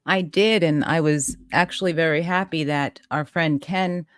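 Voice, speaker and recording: A woman co-hosting a casual live stream, calm and low-key in her remarks. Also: moderate pace, clean tone, dry recording, studio quality.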